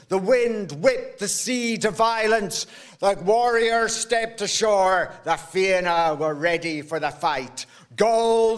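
A male storyteller unfolds an old tale in a slow, measured rhythm. His voice sits high for a man, and he lets each phrase land before the next. It is a live telling indoors at a workshop event.

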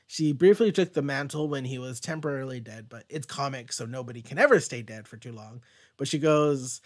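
A young man casually recapping a comic book, excited and rambling, swearing freely. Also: mid-range voice, a little fast. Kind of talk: casual chat.

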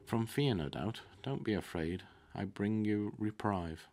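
A man reading the lines of an arrogant, quick-tempered nobleman in a storybook, blustering and contemptuous. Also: fairly low pitch, a little mellow, natural voice. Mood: haughty.

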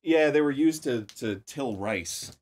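A man's voice: mid-range voice, lively intonation, unhurried, darkish tone. A man co-hosting a gaming show, swearing and trash-talking in a goofy way. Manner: wildly swinging delivery, goofy trash talk, swearing. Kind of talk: casual gaming commentary.

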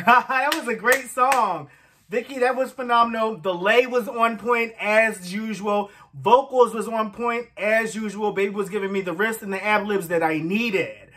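Bright high-voiced man reacting to music. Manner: effusive, laughing, sings snatches along. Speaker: reaction channel host. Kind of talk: casual music reaction vlog.

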